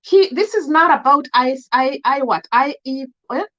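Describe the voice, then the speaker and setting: Hosting a live stream, an adult woman with a Kenyan accent names her viewers as she greets them and speaks out forcefully in a mix of English and Swahili. Her high, fairly bright voice is expressive and moves at normal speed, heard through a muffled recording.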